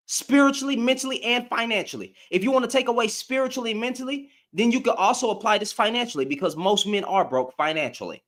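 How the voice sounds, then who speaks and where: A man's voice: very high voice, fairly quick, few pauses, fairly bright tone. A man hosting a live stream, ranting back at commenters in slangy, confrontational talk and repeating lines for emphasis. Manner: addresses commenters directly, slangy.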